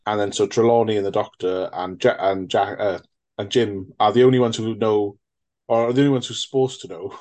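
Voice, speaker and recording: A man's voice: on the low side, fairly even intonation, fairly quick, a little mellow. A man in a casual, rambling film chat, swearing freely and restarting sentences. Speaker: podcast co-host.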